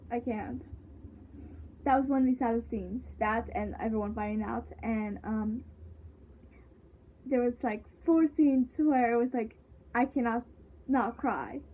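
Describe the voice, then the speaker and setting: A woman's voice: on the high side, unhurried, long pauses, slightly rough. A woman chatting casually as she recaps a show, rambling with lots of fillers and restarts. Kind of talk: casual chat. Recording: tinny phone-like sound.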